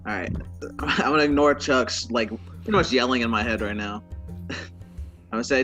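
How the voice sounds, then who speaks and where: Southern guy playing a tabletop game, bright sharp voice, amused. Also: medium pitch, moderate pace, pauses often, soft background music. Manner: playful, amused. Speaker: player. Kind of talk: casual tabletop game chat.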